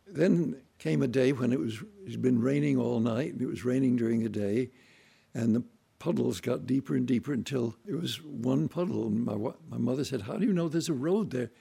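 A man telling family stories in a relaxed, folksy way, acting out voices and sounds as he goes. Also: mid-range voice, moderate pace, vocal fry, breathy edge. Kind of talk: relaxed anecdotal storytelling.

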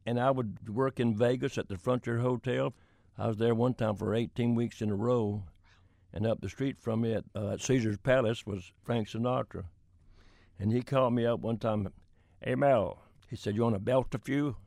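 A man's voice: mid-range voice, fairly even intonation, moderate pace, vocal fry, darkish tone, dry recording, studio quality. An older man from Florida, telling folksy stories from his career in an interview. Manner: folksy anecdotal storytelling with chuckles. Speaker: country singer-songwriter guest. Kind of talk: storytelling in an interview.

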